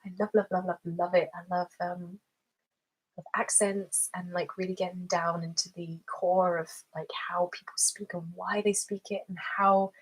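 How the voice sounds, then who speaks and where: Breathy, whispery young woman chatting. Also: fairly low pitch, level tone, moderate pace, low-quality recording. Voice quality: soft, breathy, often whispered. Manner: chatty, lots of "like" fillers, laughs often. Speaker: ASMR host. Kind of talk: casual whispered live-stream chat.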